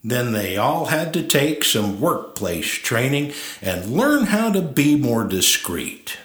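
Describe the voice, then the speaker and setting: Male cowboy-poetry reciter, slow and animated, roomy recording. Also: mid-range voice. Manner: storytelling with playful put-on accents.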